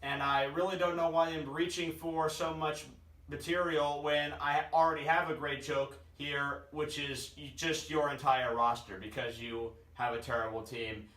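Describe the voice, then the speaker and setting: A man's voice: a little high, steady tone, normal speed, a bit bright. A man ranking his friends' fantasy football teams in a casual comedic commentary, full of puns and forever calling his listeners "guys.". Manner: jokey, pun-loving, keeps addressing his friends as "guys". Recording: echoey room, voice from far off the mic.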